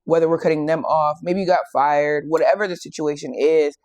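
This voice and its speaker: A woman hosting a faith and fitness channel who retells a Bible story in a casual, animated way and acts out the quoted lines. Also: low-pitched, fairly quick, dry recording, highs cut off.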